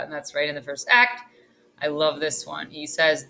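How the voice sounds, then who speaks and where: A woman's voice: low-pitched, normal speed, a bit bright, a little hiss or hum. A woman teacher giving a casual lesson from home, chatty and full of ums and restarts. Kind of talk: casual online literature lesson.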